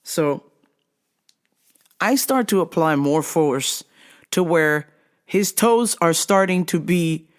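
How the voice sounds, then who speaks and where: A speaker telling a story casually on a podcast, lively and profane, acting out the other people in it. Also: mid-range voice.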